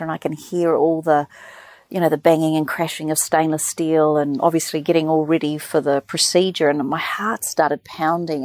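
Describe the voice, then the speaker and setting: A woman telling a lively story in casual chat, acting out the people she quotes. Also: sits low, dry recording. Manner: animated storyteller, mimics nurses. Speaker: podcast guest.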